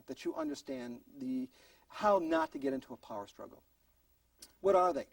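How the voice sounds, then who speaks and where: A man's voice: high-pitched, vocal fry, darkish tone, breathy edge, no echo, far from the mic. A man teaching a parenting class in an earnest tone, acting out short exchanges between parents and children. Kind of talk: recorded parenting class lecture.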